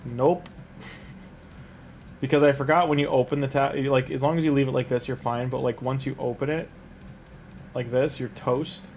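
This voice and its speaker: A man's voice: medium pitch, steady tone, normal speed, long pauses, a little mellow, slight background noise. Chatty man streaming a game. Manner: chatty, rambling, talks to chat, laughs easily. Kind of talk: casual live-stream commentary while playing.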